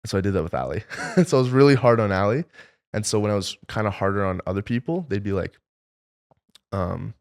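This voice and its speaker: Young male director guest, low gravelly voice, loose rambling talk full of filler words. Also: quick pace. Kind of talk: casual interview storytelling.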